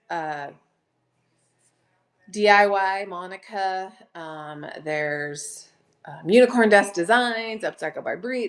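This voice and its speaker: Greeting each viewer by name with thrilled gasps, a middle-aged woman runs a talkative live selling stream in a bubbly manner. Her voice sits at medium pitch.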